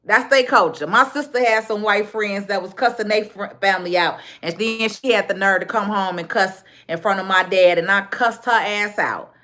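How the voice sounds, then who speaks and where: A woman's voice: medium pitch, normal speed, hardly any pauses, bright, forceful tone. A woman with a Chicago accent ranting on a casual phone livestream, blunt and repetitive, with street slang. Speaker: livestream host.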